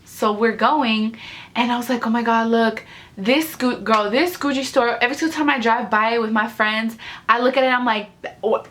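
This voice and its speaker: A woman's voice: a little high, fairly bright tone. A young woman telling a storytime vlog in emotional, rambling casual slang, sighing and near tears. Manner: casual slangy talk full of likes. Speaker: vlogger.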